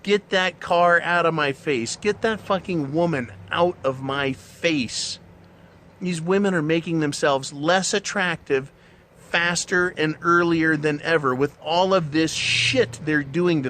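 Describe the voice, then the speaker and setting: A man's voice: a little high, a bit bright, slight background noise. A man hosting his own show, delivering a blunt, profane, mocking monologue. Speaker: show host. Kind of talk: ranting monologue.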